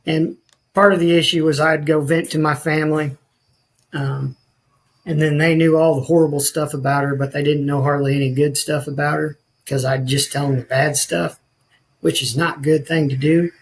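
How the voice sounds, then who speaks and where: A man from rural with the to match, telling his own story as a podcast guest. His voice sits a little higher than most men's. He talks in an earnest, rambling way, often stopping and restarting his sentences. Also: flat delivery, moderate pace, poor audio. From rural northwest Missouri. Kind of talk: telling his life story in a casual chat.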